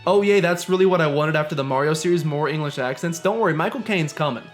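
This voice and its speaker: A young man with a fairly high voice rattles along quickly, hardly pausing, as he streams a video game. Game music runs underneath while he jokes, rants, and occasionally voices the game's lines in casual commentary.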